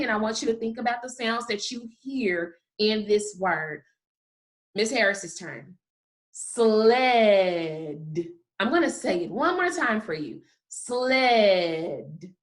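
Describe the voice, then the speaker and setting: Her voice is fairly high and a bit bright, with lively intonation, as this kindergarten teacher records a phonics lesson. She models sounds slowly, one by one, exaggerating each, and cheerfully praises the kids again and again.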